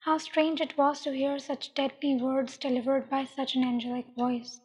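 High-voiced woman reading dark fiction. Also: little pitch movement, moderate pace, husky. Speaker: storyteller. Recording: dull, long echoing reverb.

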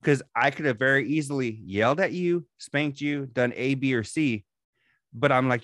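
A man's voice: mid-range voice, normal speed, fairly bright tone, no room sound, clean studio sound. A man in his thirties co-hosting a podcast, telling a story about his daughter in a casual, profanity-laden way. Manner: profane, storytelling, calls partner "dog". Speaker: podcast co-host. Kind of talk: casual chat.

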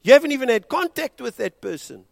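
A South African man preaching a sermon as pastor, impassioned and moving between hushed and loud delivery, switching between English and Afrikaans. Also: very high-pitched, sing-song, fast, vocal fry, no echo.

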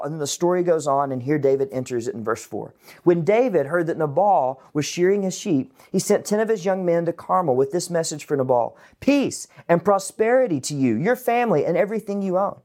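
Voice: mid-range voice, darkish tone. Bible teacher, online lesson, conversational, chatty asides to viewers.

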